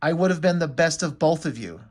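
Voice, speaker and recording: A sad little girl from a comic book, speaking in a quiet, solemn lament. The voice sits a little high, as a man reads her lines in a recap. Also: lively intonation, fairly quick, breathy edge.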